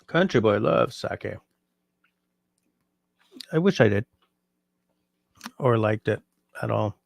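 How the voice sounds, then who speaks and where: A sleepy, yawning man hosting a livestream, chatting casually and reading out viewer comments in a relaxed, rambling way. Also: on the low side, slow, vocal fry, no room sound. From Canada. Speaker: livestream host.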